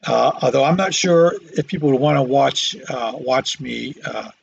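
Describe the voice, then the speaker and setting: A man hosting a solo podcast, talking haltingly with lots of fillers and restarts and dry self-deprecating jokes. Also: medium pitch, creaky, muffled recording, slight background noise. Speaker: podcast host. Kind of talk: rambling solo podcast monologue. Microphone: microphone.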